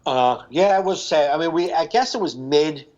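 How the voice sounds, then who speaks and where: Male comic co-host, casual and loose, laughs easily, slightly high voice, muffled lo-fi recording. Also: lively intonation, normal speed, darkish tone. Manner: laughs often, loose storytelling. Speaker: podcast co-host, comedian. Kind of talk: casual chat.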